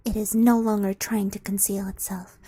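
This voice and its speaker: A woman's voice: mid-range voice, flat delivery, moderate pace, breathy edge, no echo, pitched below the performer's own voice. A woman whispering as a grim winged swordswoman, whispered role-play. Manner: hushed, whispered.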